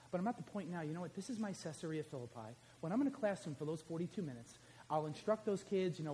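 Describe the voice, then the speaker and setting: A middle-aged man who is both a pastor and a high school teacher preaches in a small church, his voice high and lively. Addressing the congregation directly in a conversational way, he shifts from loud calls to action to a hushed, confiding personal story.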